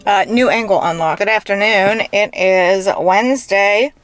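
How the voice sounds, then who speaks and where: A woman's voice: mid-range voice, measured pace, faint music behind. Chatty woman vlogging casually. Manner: chatty and rambling, with frequent "like" fillers. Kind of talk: casual vlog chat to camera.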